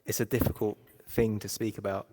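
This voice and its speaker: A podcast host with a lowish, level voice conducts an interview at a brisk pace, asking easygoing, rambling questions in casual chat. The recording has background noise and a long, echoey reverb.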